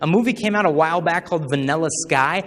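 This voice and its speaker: A man's voice: fairly high pitch, fast, fairly bright tone. A young man giving a live talk to a crowd, telling stories with humor and acting out the people he quotes. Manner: humorous storyteller who acts out quoted voices. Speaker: speaker at a chastity talk. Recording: long hall reverb from a live talk.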